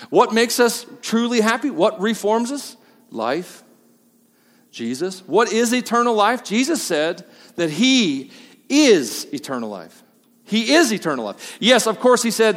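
A male pastor preaching a sermon, moving from quiet asides to loud, emphatic peaks. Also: sits high, big-room sound.

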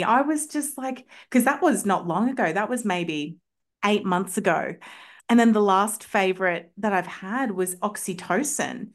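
A woman's voice: mid-range voice, normal speed. A woman homeopath telling personal stories as a podcast guest, enthusiastic and chatty, with lots of filler words. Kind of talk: casual storytelling in a podcast interview.

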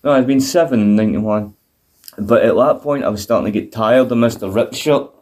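A man's voice: medium pitch, fairly quick. A man in his thirties co-hosting a podcast, telling stories with lots of swearing. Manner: sweary, animated storytelling. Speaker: podcast co-host. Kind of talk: casual chat.

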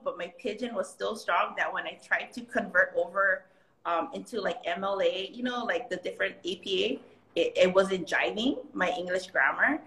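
A young Hawaiian woman with a Hawaiian accent, chatting as a guest, telling stories with lots of laughter. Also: mid-range voice. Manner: animated storyteller, laughing often, slipping into pidgin voices. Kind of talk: casual chat. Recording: roomy echo.

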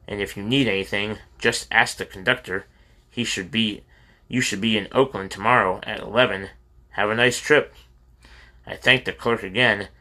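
A man reading a first-person memoir aloud in a plain, steady way, with a few slips and restarts. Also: lowish voice. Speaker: audiobook reader.

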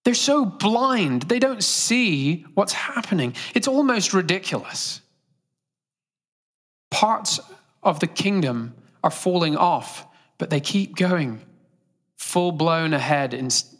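A man's voice: high-pitched, a bit bright. A male pastor delivering a sermon earnestly, engaging the congregation with direct questions.

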